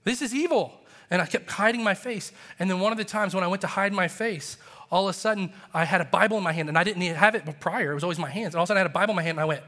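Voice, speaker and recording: High-voiced man preaching in a reverberant hall. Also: rapid-fire. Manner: passionate, animated preaching with rising emphasis. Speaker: pastor. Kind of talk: sermon. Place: church sanctuary.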